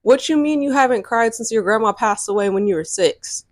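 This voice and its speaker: A young adult woman telling a dating story to camera in a sassy, animated way, laughing often and swearing freely. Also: fairly high pitch, brisk, slight background noise. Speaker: vlogger. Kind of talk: casual storytime chat.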